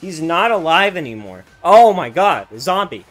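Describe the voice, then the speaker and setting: A young man giving casual, profane gameplay commentary, swinging from loud excited outbursts to low muttering. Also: moderate pace, few pauses, soft background music. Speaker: gaming streamer.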